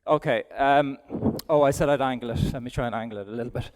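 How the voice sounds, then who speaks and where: Riding during a demonstration, an Irish-accented middle-aged event rider keeps up a self-deprecating running commentary. His voice sits at medium pitch and moves fast, echoing with the long reverb of an arena hall.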